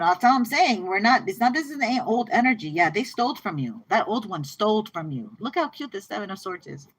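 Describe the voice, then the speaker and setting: A woman giving a casual tarot reading to her viewers, chatty and excitable, often repeating herself and laughing. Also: mid-range voice, husky, poor audio. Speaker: tarot reader.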